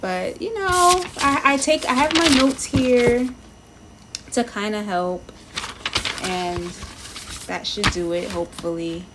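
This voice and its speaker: A woman's medium-pitched voice comes through a very noisy recording, slow and full of frequent pauses. She's live-streaming her language study, reading the lesson aloud and sounding out words while chatting casually, thinking aloud, and greeting her chat.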